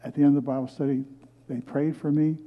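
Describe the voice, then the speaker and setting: Fast speech and a high-ish voice with little pitch movement mark this older guest pastor, heard through narrow, tinny audio. His sermon testimony, given in a movie theater serving as a church, recounts his own story earnestly, with frequent restarts.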